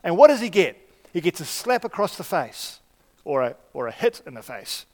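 A man preaching a sermon in a conversational way, often pausing on fillers and restarting his sentences. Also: on the high side, sing-song, darkish tone. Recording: long reverb of a large hall.

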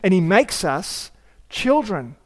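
A man's voice: sits high, very animated, slow. A male pastor preaching a sermon in a church. He talks conversationally, asks rhetorical questions and repeats key phrases. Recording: long hall reverb.

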